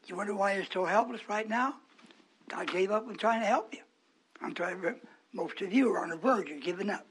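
A man preaching a sermon to his congregation, moving between hushed, whispered asides and raised, emphatic lines, with chuckles between. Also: high voice, brisk, breathy edge.

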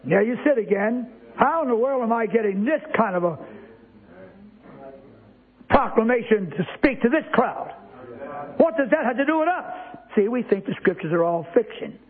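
Through a thin, phone-like lo-fi recording, a man with an extremely high, expressive voice preaches emphatically at normal speed. Repetition drives his points home, and he peppers the congregation with rhetorical questions.

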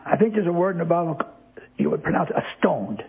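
Guy preaching a sermon, high voice, keeps repeating himself n asking do you hear it, sounds like a tinny phone recording. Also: sing-song, fast, vocal fry, husky. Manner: emphatic, repeats words, fires rhetorical questions at the congregation.

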